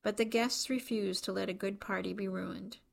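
A woman reading a novel aloud as an audiobook narrator, in even, measured storytelling. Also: mid-range voice, gravelly. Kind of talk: scripted narration.

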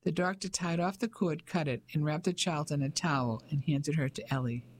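An audiobook narrator reading a novel in an even, measured way. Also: mid-range voice. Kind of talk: scripted narration.

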